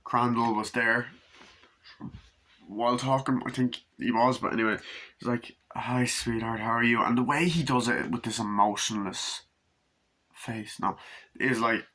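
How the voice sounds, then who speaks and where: A man's voice: medium pitch, unhurried, pauses often, pushed and bright. A man giving a casual, rambling movie review, swearing often and acting out scenes. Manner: rambling, profane, acts out scenes in quoted voices.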